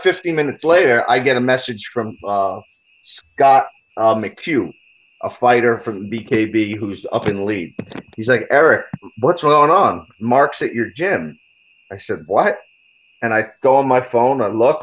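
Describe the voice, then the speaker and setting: A man's voice: medium pitch, a bit bright. Blunt, profane man telling a story. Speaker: podcast guest. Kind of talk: casual storytelling. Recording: slightly dull lo-fi audio.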